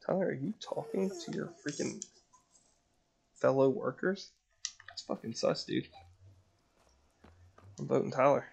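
A man streaming a block-building game, joking loudly, swearing and breaking into panicked yells. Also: mid-range voice, a little slow, vocal fry, long pauses, slight background noise. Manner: loud, joking, swearing, bursts into panicked yelling. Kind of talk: casual gaming chat.

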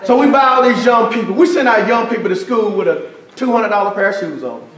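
High-voiced preacher in an echoing church. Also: male voice, expressive, fast talker, a little hiss or hum. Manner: emphatic call-and-response, often shouting. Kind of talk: sermon. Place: church sanctuary. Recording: echoey church with congregation. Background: congregation responding.

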